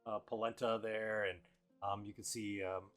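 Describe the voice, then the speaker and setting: A man narrating as game master in a relaxed, hesitant way with many fillers. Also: lowish voice, normal speed. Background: background music.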